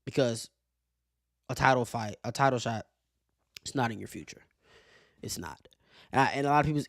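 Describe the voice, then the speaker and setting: A man hosting a casual sports commentary show, animated and profane, laughing often as he makes his case. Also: mid-range voice, fairly quick, vocal fry, pauses often, no echo, clean studio sound. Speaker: show host.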